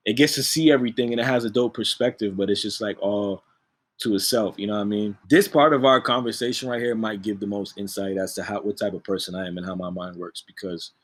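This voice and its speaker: A man, a music producer, talking in a relaxed, slangy way as an interview guest, laughing often. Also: on the low side, quick pace. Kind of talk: casual interview chat.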